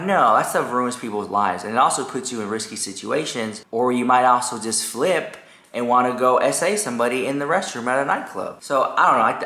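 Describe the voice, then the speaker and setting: A young man rambling casually through a vlog about a nightclub incident, animated when retelling. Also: mid-range voice. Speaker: YouTuber. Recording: echoey room.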